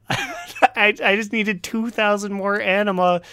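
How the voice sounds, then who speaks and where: A man's voice: high voice, wildly swooping pitch, takes it slowly, bright, forceful tone, smooth, no echo, clean studio sound. A man co-hosting a casual gaming podcast, often laughing mid-sentence as he tells his story. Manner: laughs often while talking. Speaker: podcast co-host.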